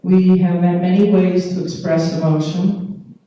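A woman with a fairly low, dark voice and fairly even intonation gives a conference lecture in an echoey hall, picked up by a distant mic. She explains patiently, with pauses and fillers, often checking in by asking "okay?"

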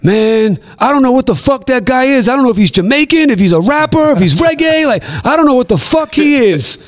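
A man doing a gruff, griping New York DJ. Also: extremely high pitch, expressive, a little fast, a little hiss or hum, pitched above the performer's own voice. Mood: incredulous griping. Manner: profane, incredulous griping. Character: gruff excitable male New York mixtape DJ.

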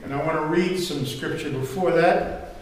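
Preaching from a church sanctuary, this older male pastor speaks at a moderate pace in a fairly high voice, wandering through stories conversationally and using plenty of fillers. He's captured from far off in an echoing hall, with faint ambience and slight background noise.

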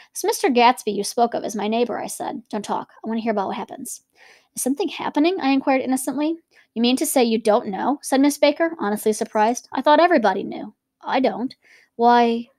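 A woman reads a classic novel aloud at a brisk clip, now and then breaking off for quick, chatty remarks. Her voice sits fairly high, and the recording is dry and close. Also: a little mellow, dry recording. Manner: quick, conversational asides between reading. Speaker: reader and teacher. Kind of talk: reading a novel aloud with commentary.

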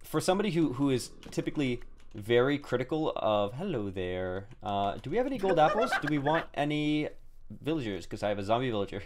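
A man's voice: medium pitch, big pitch swings, fast talker, noisy background. A young man hosting a casual gaming stream, rambling with many restarts while greeting his chat. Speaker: streamer host.

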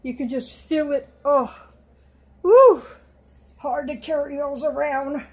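A middle-aged woman chatting to her viewers, slow and affectionate, stumbling over some words. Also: sits high, flat delivery, a little mellow, rough recording. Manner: coos in baby talk. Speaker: vlogger. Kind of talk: casual chat to camera.

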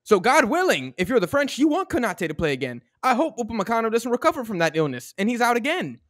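A man's voice: very high voice, sing-song, quick pace, no room sound, studio quality. A man with an American accent co-hosting a casual football podcast, ranting animatedly in slang. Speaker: podcast co-host. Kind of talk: casual sports chat.

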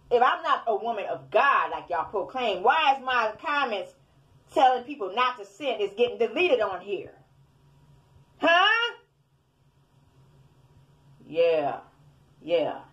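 A woman's voice: fairly high pitch, a bit bright. A woman preaching in a fiery, scolding rant at her online commenters, repeating her points. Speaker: self-styled preacher.

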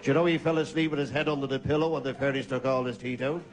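An Irish man doing stand-up comedy, telling one-liners in a dry, rapid-fire way on stage before a live audience. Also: mid-range voice, fairly even intonation. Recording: live club recording, loud crowd laughter.

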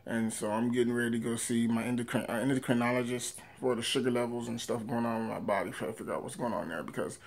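Talking directly to the camera in his personal vlog, a man recounts his story quickly, with few pauses, in a creaky, everyday mid-range voice. Fillers and restarts pepper his rambling, and he swings from loud, animated highs to quiet trailing-off.

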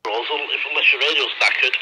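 A man's voice: medium pitch, fairly quick. A man chatting bluntly in British slang over a two-way radio. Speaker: radio operator. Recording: static-heavy two-way radio transmission.

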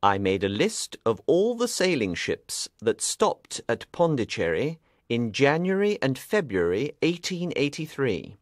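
A man playing a sharp, determined detective in an audiobook, speaking clearly and deliberately. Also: medium pitch, sing-song, dry recording, clean studio sound. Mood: explaining. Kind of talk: audiobook reading.

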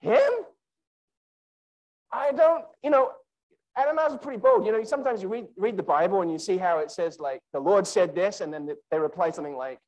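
Animated man preaching to students. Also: dull audio. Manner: animated and emphatic, with wide pitch swings; repeats key lines slowly for emphasis. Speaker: conference speaker. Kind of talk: sermon to university students.

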